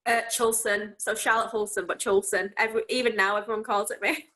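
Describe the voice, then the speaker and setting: A woman's voice: mid-range voice, fairly even intonation, a little fast, pushed and bright. A woman in her twenties, a children's entertainer, chatting casually and giggling between answers in an interview. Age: 20s.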